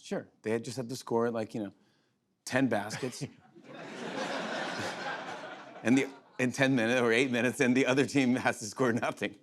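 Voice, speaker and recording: A middle-aged man hosting a late-night show, telling a rambling, excited story full of restarts and fillers. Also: medium pitch, normal speed, pauses often, a little hiss or hum. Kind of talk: monologue, storytelling chat. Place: TV studio with live audience.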